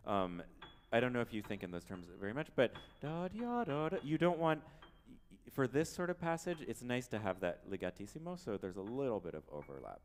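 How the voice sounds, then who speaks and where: Brisk and very animated, a lowish-voiced man teaches a piano masterclass in a showroom recital space, humming and singing to demonstrate and offering gentle encouragement. The roomy hall recording has background noise and piano playing.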